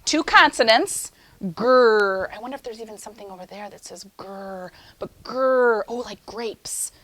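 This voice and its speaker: A young adult woman teaching a phonics lesson to young children in an animated, sing-song teacher voice. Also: on the high side. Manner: animated, sing-song teacher voice, slows for chanted poem lines.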